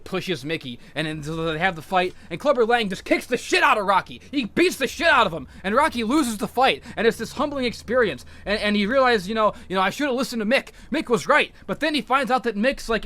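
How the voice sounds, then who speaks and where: A high-pitched man co-hosting a podcast in casual chat. He rambles with excitement, swears freely and keeps restarting his sentences, in a bright, edgy voice. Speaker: podcast co-host.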